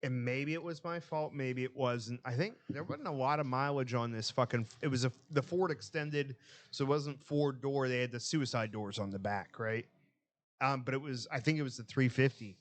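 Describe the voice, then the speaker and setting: A man swaps stories on a casual podcast. He is profane and animated and jumps into other people's voices as he tells it. His voice sits in an ordinary middle range. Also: medium pitch, normal speed. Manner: profane, animated storyteller acting out quotes. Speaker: podcast co-host. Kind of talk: casual storytelling chat.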